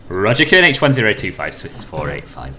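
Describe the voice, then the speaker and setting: Give me a playful man from the UK doing radio calls on a flight sim stream, lower voice, faint hiss. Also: sing-song, moderate pace. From United Kingdom. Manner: chatty and playful, laughs often, calls people boss.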